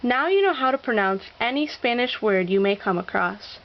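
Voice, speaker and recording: A woman narrating a scripted language lesson, slowly sounding out each example word. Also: a little high, lively intonation, muffled recording. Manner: slow, deliberate, sounding out example words. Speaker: Spanish teacher.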